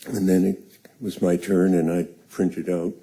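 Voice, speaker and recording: An older man slowly telling a personal story on stage, halting and earnest. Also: low voice, little pitch movement, dark tone.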